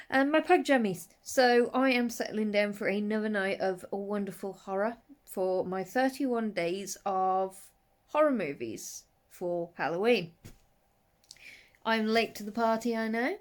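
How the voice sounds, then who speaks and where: A woman from the English West Midlands with a faded Brummie accent, chatting casually and rambling in a home vlog about horror movies. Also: mid-range voice. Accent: faded Brummie / Black Country. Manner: chatty, rambling, lively with frequent asides. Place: at home, settled under a blanket.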